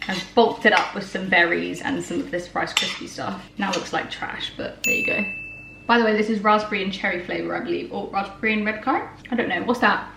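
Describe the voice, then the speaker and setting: A woman's voice: mid-range voice, a little fast, gravelly, background noise. A young woman chatting casually through her day, laughing often and poking fun at herself. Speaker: vlogger. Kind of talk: casual chat. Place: home kitchen. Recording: echoey kitchen with clatter.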